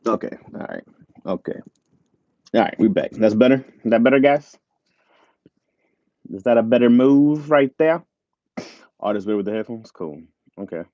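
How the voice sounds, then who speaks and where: A man's voice: medium pitch, expressive, moderate pace, long pauses, dry recording, muffled recording. Laid-back man chatting on a livestream. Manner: laid-back, laughs often, reads chat aloud. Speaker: livestream host. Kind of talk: casual live chat with viewers. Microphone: tablet mic with earbuds.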